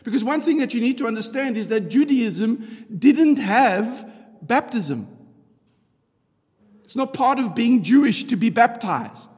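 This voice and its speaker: A middle-aged man preaching a conversational sermon, telling the story with rhetorical questions and a chatty, animated manner. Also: very high-pitched, measured pace. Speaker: pastor. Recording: long hall reverb.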